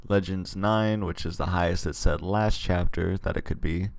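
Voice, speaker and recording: A man's voice: deep voice, fairly even intonation, normal speed, gravelly, no room sound. A man playing through a text game, reading its story aloud with hesitant, rambling asides on his choices. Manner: rambling, hesitant asides between read passages. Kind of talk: casual let's play commentary and reading.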